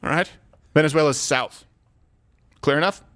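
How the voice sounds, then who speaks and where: A man hosting a talk show, giving opinionated comedic commentary in a sarcastic, animated way that slips into acted-out dialogue. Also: on the high side, moderate pace.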